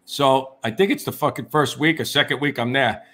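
A middle-aged man hosting a podcast. He tells a firehouse story in an animated way, acting out quotes and swearing casually. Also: mid-range voice, fairly quick. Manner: animated, acts out quotes, swears, many fillers. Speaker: podcast host, firefighter.

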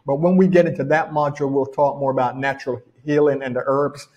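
A man's voice: mid-range voice, fairly even intonation, fast talker, a little mellow, dull audio. A middle-aged man with a Jamaican accent gives a casual motivational talk as a personal development coach, repeating his key phrases for emphasis. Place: home in rainy weather.

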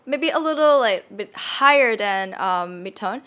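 A woman's voice: medium pitch, expressive, measured pace, few pauses, bright, forceful tone. A woman with a Thai accent teaching a casual online language lesson, often repeating words aloud to show the tones. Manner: demonstrates tones by repeating words, chatty with many fillers.

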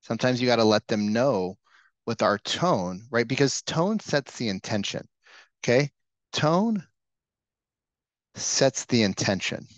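Brief: male trainer, mid-pitched, casual coaching delivery, dry slightly dull lo-fi audio. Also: lively intonation, unhurried, long pauses, no room sound. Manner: casual, coaching, asks the room questions. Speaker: real estate sales trainer. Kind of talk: live training session talk.

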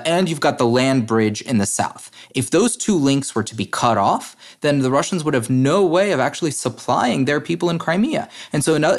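A man as a podcast guest, talking in an analytical, brisk way with frequent fillers and restarts. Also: medium pitch. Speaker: guest, head of a democracy advocacy group. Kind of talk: podcast interview.

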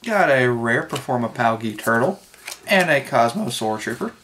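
A woman's voice: a bass voice, animated, moderate pace, a bit bright. A woman opening card packs, calling out the cards she pulls in a matter-of-fact way. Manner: matter-of-fact, mostly lists pulled cards. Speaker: card pack opener, co-host. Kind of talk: casual chat while opening card packs. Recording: noisy with wrapper crinkling.

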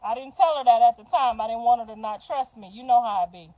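A mother telling a story on a livestream in a casual, animated style, acting out what others said. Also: a little high, fast talker, poor audio.

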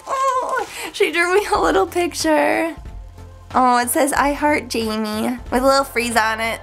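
Woman, young, high-pitched, gushing, chatty vlog, voice cracking, soft music in background. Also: lively intonation, measured pace. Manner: gushing, squealing exclamations, chatty. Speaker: YouTuber. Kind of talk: excited unboxing vlog.

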